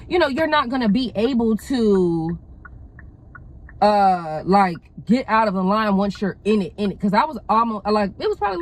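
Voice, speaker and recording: A young woman vlogger telling a story in a high, bouncy voice that swings widely in pitch. She talks casually and profanely and laughs often, with animated energy. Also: rough recording. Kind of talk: storytime vlog.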